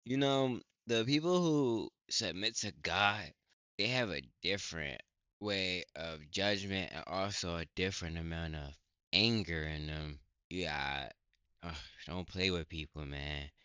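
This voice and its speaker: Male reaction host, very deep and smooth, blunt and slangy. Dry, dull mic. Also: measured pace, bright, forceful tone, dry recording. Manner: blunt slangy talk with fillers. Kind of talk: casual reaction commentary.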